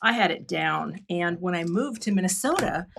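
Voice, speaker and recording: A woman's voice: on the low side, lively intonation, normal speed, gravelly, a bit bright, a little hiss or hum. A middle-aged woman from Washington State hosting a live card-making demo, chatting with her viewers and laughing often as she works. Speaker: craft product designer hosting a livestream.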